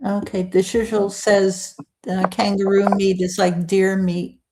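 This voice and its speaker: Woman co-host, short hesitant answers, slow and level delivery. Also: medium pitch, level tone, background noise. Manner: brief, hesitant replies. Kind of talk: casual chat.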